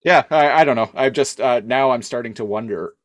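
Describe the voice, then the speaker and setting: A man co-hosts a podcast in casual conversation, sounding hesitant and full of fillers and restarts. His voice sits at medium pitch and moves briskly, recorded in a clean studio with no room sound.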